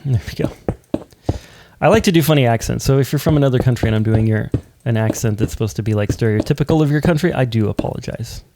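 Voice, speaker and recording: Talking fast in a mellow, mid-range voice, this man hosts a Minecraft building tutorial. He thinks aloud in a casual way while placing blocks, frequently humming or counting quietly to himself.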